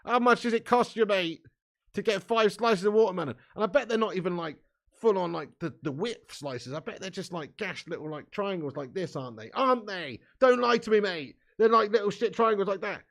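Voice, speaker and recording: A man's voice: high-pitched, expressive, a little fast, vocal fry, fairly bright tone. A young English man hosting a live stream, chatting in sweary, laddish banter with his viewers and laughing often. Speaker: livestream host. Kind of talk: live watch-along chat.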